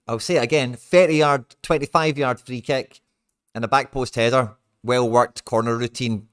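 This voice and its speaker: A young Scottish man hosting a football watch-along, ranting and swearing in exasperation with sudden loud outbursts, speaking into a desk mic. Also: mid-range voice. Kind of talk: live match watch-along chat.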